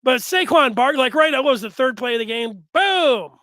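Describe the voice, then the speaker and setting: A man hosting a sports talk show, chatting casually and acting out announcers and fans with lively energy. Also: very high voice, a little fast, no echo. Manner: animated, acts out fans and announcers. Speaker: sports radio host.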